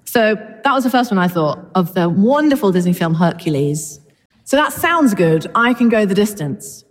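A woman's voice: medium pitch, expressive, normal speed, in a large hall. A woman preaching a sermon in a church, chatty and informal with touches of humour. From Britain.

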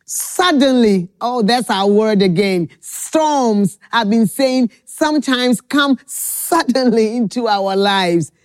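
Woman, sermon, high voice, unhurried, repeats phrases, dry close sound. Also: lively intonation, dry recording. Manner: slow, deliberate, repeats key phrases. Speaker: preacher. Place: at a podium.

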